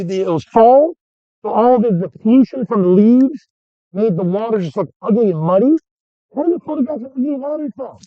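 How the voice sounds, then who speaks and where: A man teaching photography who tells animated, joking stories and keeps breaking off and restarting his sentences. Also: very high voice, no echo. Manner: animated anecdotes, self-interrupting, joking. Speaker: photography instructor. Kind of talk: storytelling during a workshop lesson.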